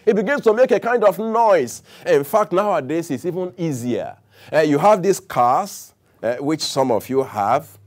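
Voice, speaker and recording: A man's voice: fairly high pitch, moderate pace. A man preaching a sermon, calling on the congregation to answer and repeat after him. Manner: animated preaching with audience call-and-response.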